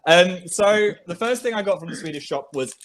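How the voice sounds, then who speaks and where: Young man, podcast host, slightly high voice, lively ups and downs, chewing and laughing. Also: fairly quick. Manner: animated, laughing, chews while talking. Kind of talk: casual chat, tasting sweets.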